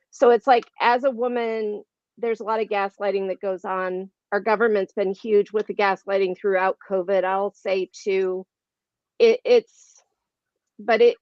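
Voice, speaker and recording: A woman's voice: mid-range voice, darkish tone, no room sound. Conversational woman on a dull, dry line. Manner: conversational, loose, lots of fillers. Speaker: panelist. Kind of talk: candid panel discussion.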